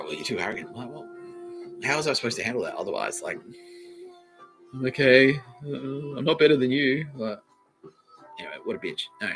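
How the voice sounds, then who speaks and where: Australian man, young, comedy podcast host, swearing and laughing, bright tone, faint music behind. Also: lowish voice. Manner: profane, laughing, acts out quoted people. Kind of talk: comedic storytelling monologue.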